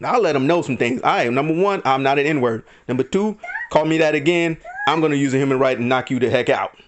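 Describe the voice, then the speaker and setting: A man's voice: mid-range voice, fast, slight background noise. A man giving heated, indignant commentary in a vlog, acting out other people's lines in mock voices. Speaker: vlogger. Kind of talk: ranting commentary.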